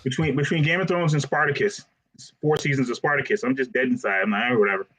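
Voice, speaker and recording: A man's voice: mid-range voice, quick pace, a bit bright, low-quality recording. A man co-hosting a casual podcast who recaps episodes with wry jokes. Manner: joking, wry. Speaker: podcast co-host. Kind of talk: casual chat, recapping a show.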